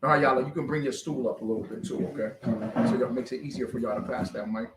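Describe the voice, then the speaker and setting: A man leading a scripture class, animated and bantering with call and response. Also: mid-range voice, quick pace, very noisy. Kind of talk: street-preaching style scripture class. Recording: roomy echo, distant from the mic.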